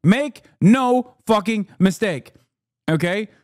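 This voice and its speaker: A male streamer giving heated, profane reaction commentary, talking fast with many fillers. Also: sits high, lively intonation, a little mellow, no room sound, studio quality.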